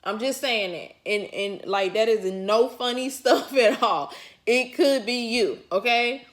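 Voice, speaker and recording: In a mid-range voice and at an unhurried pace, this woman vlogger shares a personal story straight to her audience. Her chat is casual and colloquial, and she chuckles often as she talks.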